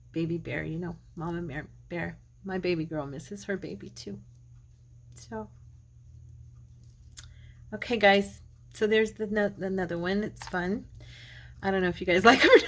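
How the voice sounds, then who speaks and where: Her voice is low and creaky as she chats through a casual crafting tutorial, often talking to herself mid-task. She's a middle-aged Arizona woman who runs a craft channel.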